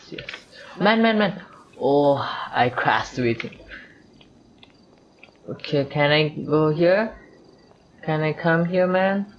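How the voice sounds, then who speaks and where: Playing a video game, a man chatters through casual let's-play commentary in a medium-pitched voice, wandering between remarks to himself and to the characters on screen. The highs are cut off, and there's slight background noise.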